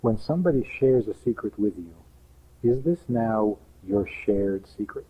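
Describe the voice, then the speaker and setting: A man's voice: on the low side, lively intonation, a little slow, husky, narrow, tinny audio. A man, a rabbi, giving an emphatic teaching talk full of rhetorical questions and acted-out quotes.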